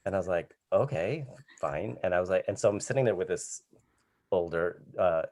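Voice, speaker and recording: Animated man telling a funny story. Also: sits low, fast. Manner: animated, acts out voices and laughs mid-story. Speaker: comedian guest. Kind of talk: storytelling anecdote. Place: home video call.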